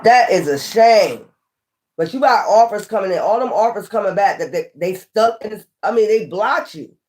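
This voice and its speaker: A woman giving a casual, animated tarot reading, often scolding and repeating herself. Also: medium pitch, moderate pace. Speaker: tarot reader.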